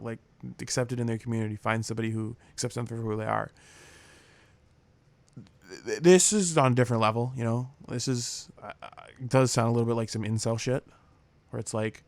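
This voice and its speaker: A young man with a medium-pitched, creaky voice and no room sound reacts to clips as a commentary vlogger. He rambles casually and swears, laughs often and slips into mocking voices.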